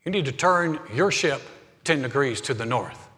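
A man voicing a young male seaman at a lighthouse, who answers slowly and steadily. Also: medium pitch. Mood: calm firm. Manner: slow, steady and unbothered. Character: calm, firm young male lighthouse keeper. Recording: long hall reverb, faint music.

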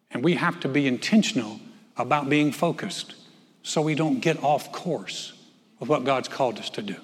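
A man's voice: medium pitch, big-room sound. A man preaching a sermon as pastor, conversational and folksy, with joking asides. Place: church sanctuary.

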